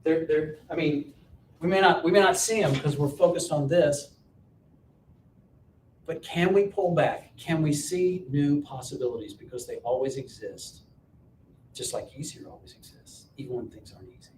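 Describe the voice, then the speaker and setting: A man coaching an audience through a joking, self-mocking personal story, told with lively energy. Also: normal speed. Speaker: business coach and speaker. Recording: roomy and distant with faint rumble.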